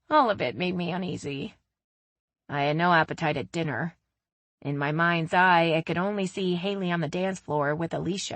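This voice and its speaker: A woman narrating a first-person romance audiobook in an even, steady storytelling manner. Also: lowish voice, no room sound.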